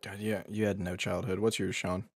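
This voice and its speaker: A man's voice: low-pitched, flat delivery, a little fast, vocal fry, breathy edge, no room sound. A man co-hosting a podcast in casual chat, enthusiastic and peppered with dude and bro. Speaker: podcast co-host.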